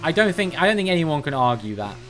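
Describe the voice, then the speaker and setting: A man's voice: on the high side, very animated, fast talker, a bit bright, faint music behind. A man from Cornwall with a general Southern English accent, chatting casually on a game livestream and musing aloud with frequent restarts. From Cornwall, England. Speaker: game streamer.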